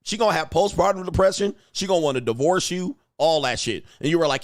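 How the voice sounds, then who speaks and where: A man hosting a livestream, ranting casually and profanely while acting out quotes in animated bursts. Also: a little high, quick pace, hardly any pauses. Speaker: livestream host. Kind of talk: casual commentary rant.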